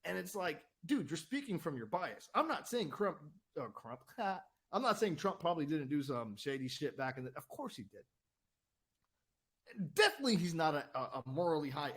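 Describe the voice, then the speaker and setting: A man's voice: mid-range voice, a bit bright. A man ranting heatedly on his own channel, swearing often, repeating words and asking "right?" again and again. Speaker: channel host. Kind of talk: heated political rant.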